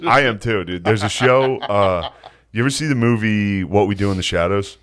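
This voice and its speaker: A man's voice: on the low side, moderate pace, a bit bright. A man co-hosting a podcast, laid-back and joking, with casual swearing. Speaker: podcast co-host. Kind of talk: casual chat.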